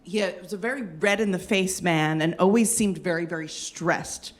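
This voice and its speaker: A woman telling a funny personal story in an animated, self-mocking way. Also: on the low side, normal speed. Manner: animated, self-mocking, lots of fillers and restarts.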